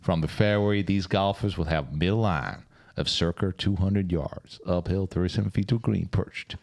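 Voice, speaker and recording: A man putting on the voice of an American golf announcer and reading a course description in a measured broadcast style. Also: low-pitched, steady tone, creaky, a little mellow. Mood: announcing.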